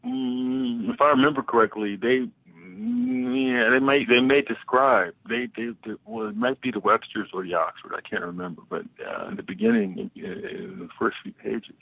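A man whose voice is gravelly and husky, swinging widely up and down as he talks. He stumbles and restarts his sentences, full of eager curiosity. The sound is thin and dry, like a phone line. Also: mid-range voice, dry recording. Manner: halting, restarts often, excited curiosity. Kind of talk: casual radio conversation.

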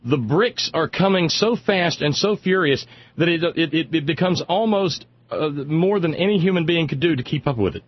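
Husky-voiced sardonic radio talk host. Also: male voice, on the high side, expressive, normal speed, no echo, lo-fi sound. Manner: sardonic, rambling, repeats words when worked up. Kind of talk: irreverent political commentary.

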